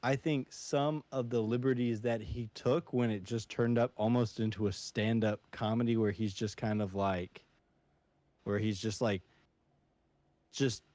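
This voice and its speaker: A man's voice: mid-range voice, a little mellow, dry recording. A man co-hosting a casual movie review podcast, rambling with many restarts and jokey asides. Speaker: podcast co-host.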